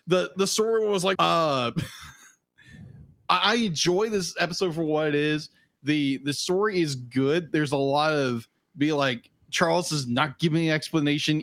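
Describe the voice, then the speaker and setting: A man's voice: a little high, a bit bright, dry recording. A man co-hosting a podcast in casual chat, easygoing, often repeating himself. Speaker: podcast co-host.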